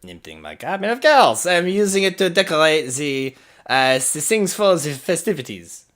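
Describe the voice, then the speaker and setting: A man voicing a manic, happy-go-lucky male pirate sailor who talks in chipper bursts that jump up high and loud. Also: very animated, normal speed. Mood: manic cheer.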